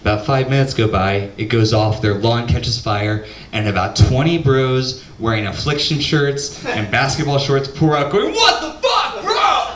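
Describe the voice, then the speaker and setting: A young man doing stand-up, telling a story deadpan and shouting the punchlines. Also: mid-range voice, moderate pace, few pauses, a crowd in the background. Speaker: stand-up comedian. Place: comedy club stage. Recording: roomy club audio from a distance. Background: audience laughter.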